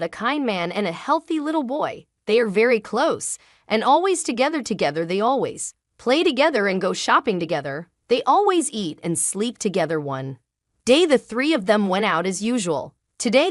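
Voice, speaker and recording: A woman narrating a first-person dramatic story in an emotional, halting way. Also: medium pitch, dry recording, clean studio sound.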